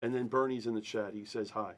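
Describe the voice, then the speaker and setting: A man hosting a live-streamed card break, excitable and talking over the others, repeating himself. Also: on the low side, fast talker.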